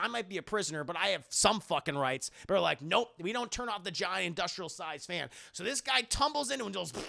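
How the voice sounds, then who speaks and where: A young man casually recapping a movie for his live chat, sarcastic and jokey, swearing freely and acting out the characters in quick asides. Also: sits high, creaky, sharp tone. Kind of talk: casual profane film recap.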